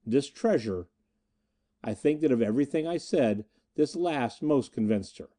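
A man's voice: medium pitch, lively intonation, moderate pace, mellow. A man reading an adventure novel aloud as a first-person audiobook narrator. He tells the story in an earnest, dramatic way.

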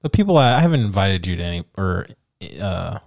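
A man's voice: low voice, sing-song, brisk, gravelly, darkish tone, dry recording, clean studio sound. A man co-hosting a podcast in casual chat, laid-back and agreeable, laughing along. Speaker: podcast co-host.

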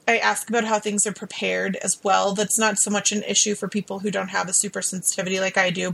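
A woman's voice: medium pitch, vocal fry, sharp tone, low-quality recording. A woman co-hosting a podcast, chatty and joking in casual conversation. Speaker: podcast co-host.

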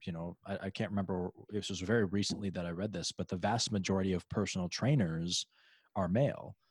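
A man with a fairly low voice hosts a relaxed, casual conversation. He rambles with frequent restarts and fillers, and now and then jumps higher to act out what someone else might be thinking. The sound is dry and close. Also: fairly quick, husky, dry recording. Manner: acts out other people's inner voices in a raised pitch. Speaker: podcast host.

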